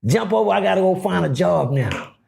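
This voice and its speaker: A middle-aged man telling a story casually, profane and animated, acting out the dialogue. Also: sits high, a little fast, vocal fry. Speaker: guest storyteller.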